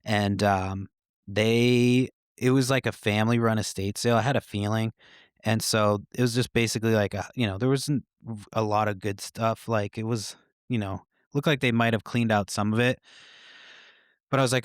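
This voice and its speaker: Low-voiced dude rambling on his podcast, swears a lot, laughs along, dry close sound. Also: fairly even intonation, moderate pace, clear, resonant tone, no room sound. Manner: profane, laid-back, with frequent fillers and chuckles. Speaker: podcast host. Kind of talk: casual rambling storytelling.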